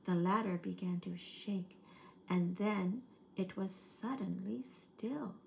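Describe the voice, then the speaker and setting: A woman working as an early-years storyteller, reading a picture book aloud in a gentle, expressive way. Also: medium pitch, slow pace, vocal fry, slight background noise.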